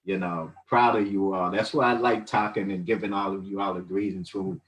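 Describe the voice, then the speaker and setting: A low-voiced man in his sixties tells old stories in a loose, rambling way, full of "you know" and "um". He sounds fond and reflective, and he is picked up from a little away from the mic. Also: steady tone, brisk, fairly bright tone, recorded from a distance, rough recording. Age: 60s. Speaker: guest. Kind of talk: casual storytelling testimony.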